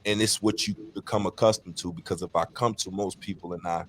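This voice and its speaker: A very deep-voiced man co-hosting a podcast, speaking openly and swearing freely as he tells stories. A faint background noise sits under his voice. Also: fairly even intonation, brisk, a bit bright. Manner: candid, profane, storytelling. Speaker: podcast co-host. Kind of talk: casual podcast chat.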